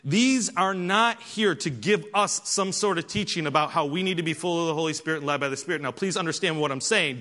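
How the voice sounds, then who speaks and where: A man preaching a sermon, telling a story with animated delivery and frequent restarts. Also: high-pitched, long reverb tail. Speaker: pastor.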